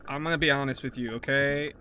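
A man improvising a comedy scene, animated and often breaking into laughter. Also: medium pitch, normal speed, slight background noise.

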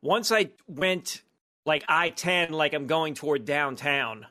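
A man's voice: a little high, takes it slowly, sharp tone. A man, co-hosting a podcast and telling wry, self-mocking stories. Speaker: podcast co-host. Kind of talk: casual chat.

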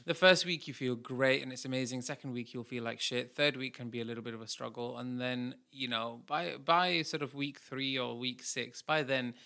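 A man's voice: medium pitch, steady tone, moderate pace, gravelly, hardly any pauses, pushed and bright. A man co-hosting a casual podcast chat, teasing and playful, acting out silly voices in his stories. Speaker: podcast co-host.

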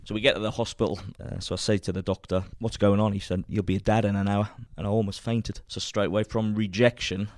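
A man's voice: fairly low pitch, dry recording, clean studio sound. An older English man and former footballer, animatedly telling a personal story and acting out quoted dialogue. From England. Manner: animated, acts out quoted dialogue, laughs often. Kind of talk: anecdotal storytelling.

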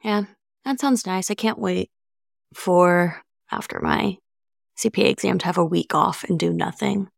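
A young woman in her twenties co-hosting a casual podcast, her voice heavy with vocal fry and recorded close and dry. Her talk is chatty and self-mocking, with a sarcastic edge. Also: fairly low pitch, unhurried, dry recording. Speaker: podcast co-host.

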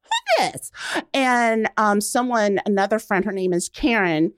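A woman being interviewed, telling her story in an animated, laughing way and acting out what people said to her. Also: medium pitch, normal speed, smooth, dry recording, clean studio sound. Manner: animated, laughs often, acts out quotes. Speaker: guest. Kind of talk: casual interview chat.

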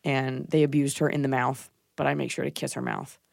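A woman's voice: rumbling low, a little fast, creaky, dry recording, clean studio sound. A woman comedian co-hosting a podcast, telling stories in blunt, profane casual chat. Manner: blunt, profane, animated storytelling.

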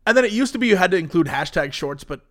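A man's voice: high-pitched, very fast. A man co-hosting a casual podcast chat, telling stories with lots of laughter. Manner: animated storyteller, laughs often. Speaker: podcast co-host.

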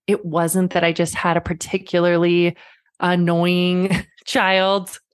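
A woman in her thirties hosting a parenting podcast, talking straight to the listener in a warm, reassuring way, like a friend. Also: on the low side, flat delivery, slow, clean tone, no echo. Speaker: podcast host. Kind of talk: podcast monologue.

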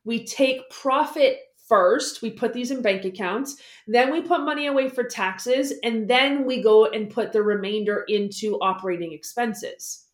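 A woman guest explaining money habits in a casual interview, lively and acting out the voices she quotes. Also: on the high side, measured pace, few pauses, roomy sound. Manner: animated, acts out quoted voices.

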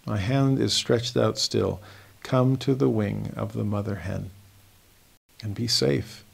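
A man giving a devotional scripture lesson, reading verses slowly and earnestly and rising in emphasis as he explains them. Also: on the low side, steady tone, gravelly, husky. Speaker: scripture teacher.

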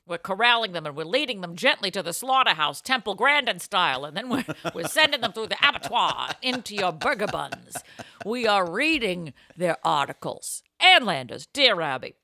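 A woman co-hosting a comedy podcast, loud and theatrical, laughing often. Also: mid-range voice, very animated, normal speed, no room sound, studio quality. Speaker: podcast co-host. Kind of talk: comedic banter.

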